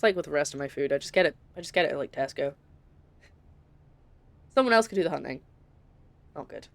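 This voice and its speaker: A woman's voice: low-pitched, dry recording. Young woman, light Scottish accent, casual game streaming, chatty, rambling, desk mic. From Scotland. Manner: chatty, rambling, reads chat aloud. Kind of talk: casual gameplay commentary.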